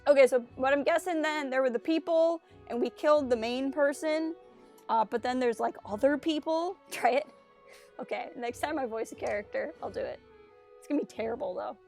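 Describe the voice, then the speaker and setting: A woman's voice: high-pitched, normal speed, vocal fry, darkish tone. Female streamer, chatty and self-mocking, faint background music. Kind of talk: casual game-stream commentary, reading dialogue aloud.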